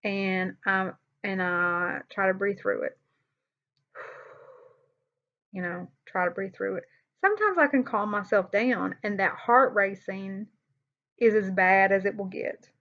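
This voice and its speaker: A woman's voice: medium pitch, unhurried, a bit bright. Candid woman vlogging, slightly muffled. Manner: candid, conversational, many fillers and restarts, sighs. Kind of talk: personal vlog storytelling. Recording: slightly dull lo-fi sound.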